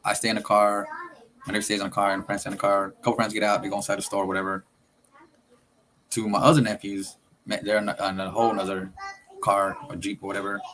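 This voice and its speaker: A man's voice: on the low side, little pitch movement, quick pace, background noise. A man telling a story casually, in loose, streetwise talk that swears and acts out what people said.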